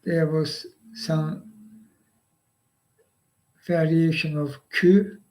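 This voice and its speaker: Slow-talking man, high voice, halting phrases. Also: steady tone, mellow, low-quality recording. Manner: halting, short phrases with rhetorical "huh?". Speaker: live stream host. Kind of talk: political monologue.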